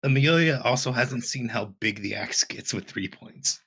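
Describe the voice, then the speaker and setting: Husky-voiced male player. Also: mid-range voice, a bit bright. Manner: quick reactions, swears when rolls go wrong. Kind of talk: casual tabletop chat.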